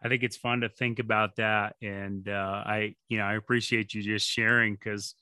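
Bright, earnest man hosting a podcast. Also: on the low side, level tone, normal speed, smooth, no room sound. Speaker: podcast host, strength coach. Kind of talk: casual podcast conversation.

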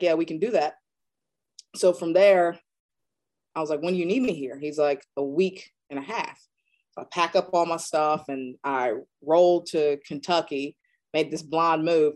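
Animated woman telling career stories. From North Carolina, USA. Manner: animated, acts out quoted dialogue with big pitch jumps. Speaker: strength and conditioning coach. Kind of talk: casual storytelling in an interview.

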